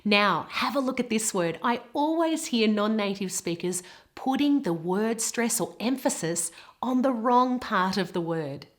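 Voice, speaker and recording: A woman with a British English accent teaching pronunciation, modelling words slowly and carefully. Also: on the high side, lively intonation. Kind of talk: pronunciation lesson.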